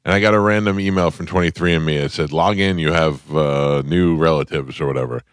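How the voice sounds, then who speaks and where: A middle-aged man co-hosting a radio show, telling stories in a halting, rambling way. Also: rumbling low, smooth, no room sound, clean studio sound. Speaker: radio co-host. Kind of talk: casual chat.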